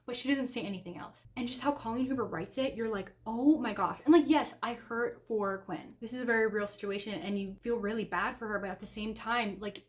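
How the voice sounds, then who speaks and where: A woman's voice: a little high, a little fast, few pauses. A young woman vlogging about the books she is reading, chatty and gushing, with lots of "like" in her talk. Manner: chatty and gushing, heavy use of "like". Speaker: book vlogger. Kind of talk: casual reading vlog.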